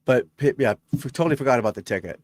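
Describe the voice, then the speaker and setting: A man's voice: medium pitch, lively intonation, rapid-fire, a little hiss or hum. A middle-aged man, a golf instructor, chatting on a live stream, reading out scores and talking to viewers in a rambling, talkative way.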